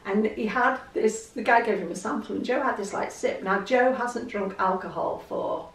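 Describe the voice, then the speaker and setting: A woman's voice: mid-range voice, normal speed. An English woman vlogging in a chatty storytelling way, laughing easily as she talks. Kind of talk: casual chat to camera. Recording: roomy echo, distant mic.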